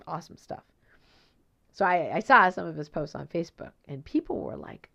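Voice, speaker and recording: A woman's voice: deep voice, normal speed, vocal fry, lo-fi sound. A woman hosting a solo podcast about energy healing, talking conversationally with tag questions and acting out the people in her stories. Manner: animated storytelling, acts out quoted voices. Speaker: podcast host and energy healer.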